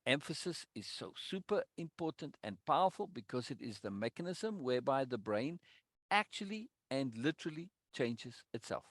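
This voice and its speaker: A man's voice: mid-range voice, big pitch swings, moderate pace, no room sound, studio quality. A man leading a live online teaching session, affirming students and repeating key points for stress. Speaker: course leader.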